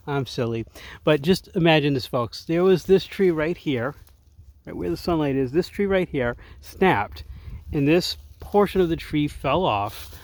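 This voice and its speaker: Middle-aged guy chatting to camera in the woods, earnest, keeps saying folks, a bit high-pitched. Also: expressive, a little slow. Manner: upbeat, earnest, often says folks. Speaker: outdoor vlogger. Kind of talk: casual talk to camera. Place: woods outdoors.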